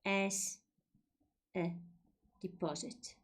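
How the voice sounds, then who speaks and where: A woman teaching a school maths lesson, patiently repeating key points and walking through each step slowly. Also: mid-range voice, steady tone. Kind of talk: recorded classroom lesson.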